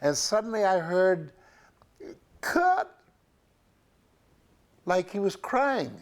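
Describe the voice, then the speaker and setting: An older man recalling his film work in an interview, halting and full of fillers and restarts. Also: high voice, animated. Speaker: actor interviewee. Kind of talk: reminiscing interview.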